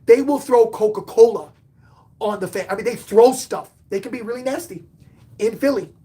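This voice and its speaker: A man with a fairly high voice talks through a live-stream sports show in a casual, unscripted way. He is excitable and swings between loud, punchy outbursts and quiet muttered asides. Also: normal speed. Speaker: podcast host and sports fan; bartender.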